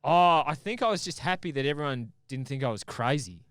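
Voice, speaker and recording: A man telling an animated, sweary story in casual podcast conversation. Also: fairly high pitch, a little fast, clean tone, no room sound, studio quality. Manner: animated, swears freely, acts out his own shouts. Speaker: podcast guest.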